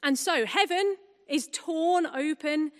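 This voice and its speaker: A woman preaching a sermon at a baptism service, conversational and lively, with humorous asides to the congregation. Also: high voice, slow pace. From England. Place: church hall. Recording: long hall reverb.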